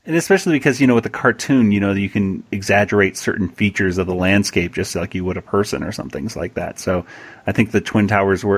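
A man's voice: sits low, creaky, husky. A man hosting a podcast, chatting casually about cartoons with lots of restarts and laughter. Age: adult, past high school. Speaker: podcast host. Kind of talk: casual chat.

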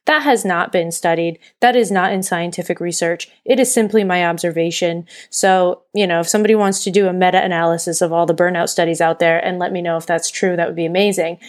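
A woman's voice: fairly low pitch, steady tone, a little fast, hardly any pauses. A woman hosting a solo podcast, talking in an earnest, encouraging way and sometimes stopping to correct herself. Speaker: podcast host and burnout coach. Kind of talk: casual solo podcast talk.

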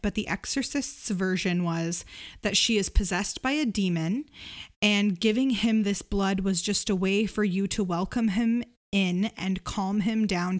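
A woman co-hosting a podcast, reading a listener's story aloud with casual, giggly asides. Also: medium pitch. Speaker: podcast co-host.

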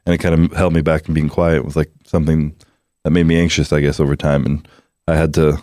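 Extremely low in pitch and fast, with little pitch movement and a slightly mellow tone, this is a young Canadian man with a lisp speaking as a podcast guest. He's candid in the casual conversation, full of fillers and swearing. Recorded on a studio mic with headphones on, the audio is studio quality with no room sound.

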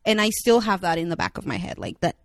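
Her lowish voice is sing-song and creaky, and she talks quickly; the studio-quality recording has no room sound. She's a young actress and writer with a Spanish accent, chatting openly as a guest in a casual interview and using plenty of fillers.

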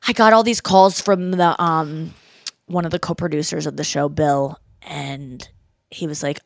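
A woman in her thirties hosting a podcast, telling stories in a casual, animated way and quoting people in her own voice. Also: low voice, a little slow, creaky, dry recording, studio quality. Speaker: podcast host. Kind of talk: casual chat.

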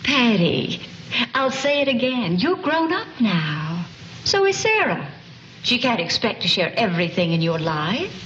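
A woman's voice: fairly high pitch, sing-song, unhurried, fairly bright tone. An actress playing a sweet-talking, manipulative middle-aged mother with a Southern twang, in a dull, hissy old film recording. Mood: coaxing. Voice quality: sweet, tactful, honeyed twang.

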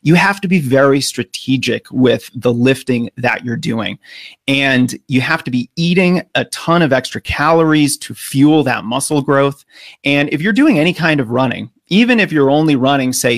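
A man's voice: mid-range voice, lively intonation, moderate pace, no echo, studio quality. A middle-aged American man, a running coach, explaining training earnestly in a podcast interview with frequent filler words. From United States.

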